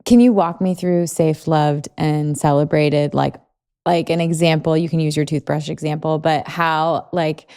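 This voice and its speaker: A woman's voice: deep voice, fairly even intonation, unhurried, dark tone. A woman in her thirties hosting a podcast, talking in a rambling way full of "like". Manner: rambling, lots of "like". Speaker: podcast host. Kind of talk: conversational podcast interview.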